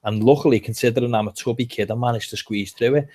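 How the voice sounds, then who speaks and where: A man with a Liverpool accent tells long, winding stories in casual chat. His voice sits at an ordinary middle pitch, and he often stops and restarts his sentences. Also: fast talker, mellow, breathy edge. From England. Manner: chatty storyteller, rambling with restarts. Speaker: podcast co-host.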